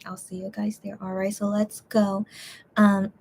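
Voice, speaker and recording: A woman in a casual eating-and-chatting stream, reading her viewers' comments aloud. She rambles and repeats her words, sounding tired and already full. Her voice sits in a middle pitch and jumps up with excitement now and then. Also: slow pace, creaky, slight background noise.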